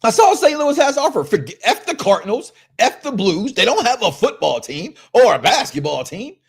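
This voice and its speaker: Animated joking Midwestern man host. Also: very high-pitched, a little fast, creaky, husky. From Chicago, US Midwest. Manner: animated, joking, keeps checking in with "okay?". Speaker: podcast host. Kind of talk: casual wrestling talk show chat.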